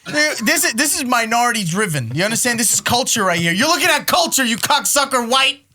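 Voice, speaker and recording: A man chatting as a podcast host with a lively, swooping pitch and a bright, forward tone. He talks animatedly, swears freely and breaks into laughter often. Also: quick pace. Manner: animated, profane, laughs a lot. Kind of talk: casual chat.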